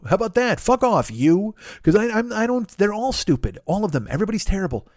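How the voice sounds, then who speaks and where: A man in his forties launches into a profane comedic rant, his pitch leaping high and dropping low as he mocks people with quick impressions. His voice sits slightly high for a man, and the recording is dry and close, with no room around it. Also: no room sound. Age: 40s. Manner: profane, animated ranting with mocking impressions. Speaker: comedy podcast host. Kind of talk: ranting comedic monologue.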